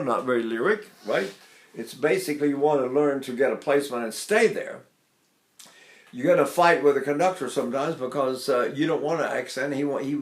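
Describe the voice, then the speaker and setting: In a reverberant room, an older man with a mid-range voice teaches singing, mixing sung demonstrations with folksy, chatty explanations of technique. He keeps checking in with listeners by asking "right?" and "see?".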